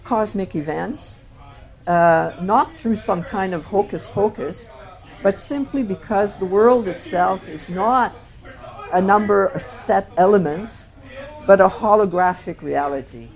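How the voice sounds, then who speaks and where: A woman presenting her photographs to an audience, speaking reflectively and often pausing on fillers and restarts. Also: mid-range voice, darkish tone. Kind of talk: slide talk to an audience.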